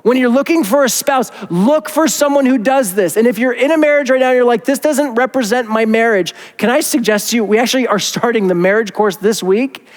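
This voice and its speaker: A man in his thirties, a pastor preaching in a casual, animated way with many fillers. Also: extremely high pitch, fairly quick, hardly any pauses, long reverb tail. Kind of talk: sermon.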